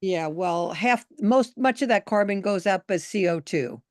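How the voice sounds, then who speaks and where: A woman from New York state joining a video call, chatty and animated, often trailing off into quieter asides. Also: medium pitch, a little slow, dry recording, studio quality. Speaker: call participant, activist. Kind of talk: casual video call conversation.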